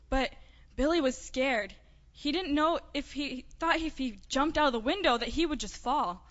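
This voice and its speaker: A woman with a fairly high voice tells a children's story during a church service. She speaks gently and plainly. The recording is dull and lo-fi, and a long reverb trails her words. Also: moderate pace. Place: church sanctuary.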